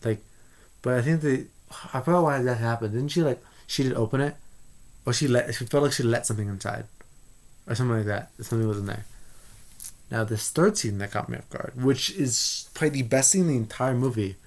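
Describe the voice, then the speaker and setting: Rambling excited man reviewing a movie. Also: medium pitch, a little fast. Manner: rambling, excitable, many restarts. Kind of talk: casual spoiler review.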